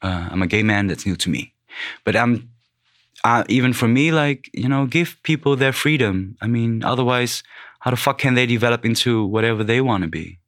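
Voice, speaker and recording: A man's voice: medium pitch, normal speed, fairly bright tone, dry recording, studio quality. A man in his thirties who grew up in the Netherlands, a podcast guest speaking bluntly and frankly in casual chat, swearing freely. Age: 30s.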